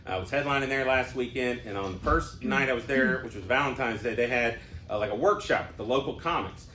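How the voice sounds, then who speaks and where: A comedian contestant with a brisk, sharp, mid-range voice tells rambling comic stories on a comedy club stage, laughing at his own jokes in a storytelling banter style before a live audience. The recording is echoey and noisy, typical of a live club.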